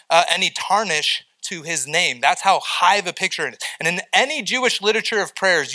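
A middle-aged man preaches with a bright, forceful tone. His voice sits a little high for a man. He tells stories with energy and acts out the voices he quotes. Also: poor audio. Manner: animated storytelling, acting out quoted voices. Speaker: pastor. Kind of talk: sermon.

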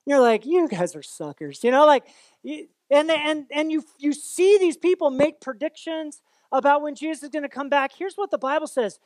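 A man with a notably high voice preaches a sermon in a loose, conversational way, breaking into playful asides and exaggerated voices for the people he quotes. The sound is close and dry, with no room echo. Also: normal speed. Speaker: pastor.

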